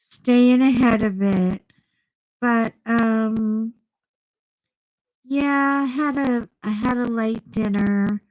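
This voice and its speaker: A woman's voice: a little high, rough recording. A woman with a Texan accent rambling chattily to her viewers in casual, salty talk. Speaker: vlogger. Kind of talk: casual chat.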